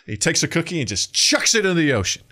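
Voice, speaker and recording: A man co-hosting a podcast, telling a shaggy-dog joke deadpan and acting out the characters with sudden shouts. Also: quick pace. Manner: acts out characters with big pitch jumps and shouts. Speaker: podcast co-host.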